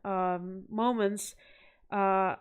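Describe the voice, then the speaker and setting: Young adult woman, slow-talking vlogger, casual, rambling, self-deprecating. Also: medium pitch, fairly even intonation, clean tone. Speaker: vlogger showing art. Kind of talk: casual chat to camera.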